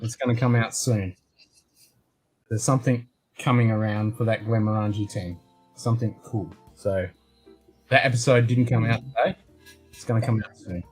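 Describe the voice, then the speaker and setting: An Australian man hosting a casual whisky livestream, loud and laughing, swearing freely. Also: on the low side, steady tone, moderate pace, long pauses, husky, faint music behind. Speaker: show host.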